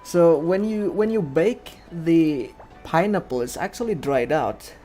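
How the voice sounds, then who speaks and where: A man's voice: a little high, expressive, a little slow, dark tone, soft background music. A young man streaming a game, chatting in a rambling, casual way with clumsy grammar. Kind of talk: casual chat while playing a game. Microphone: desk microphone, no camera.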